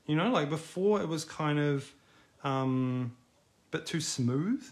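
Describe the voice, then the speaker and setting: A man's voice: fairly high pitch, expressive, takes it slowly. A middle-aged man teaching a live online drawing class in a casual, encouraging, chatty way. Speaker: art teacher.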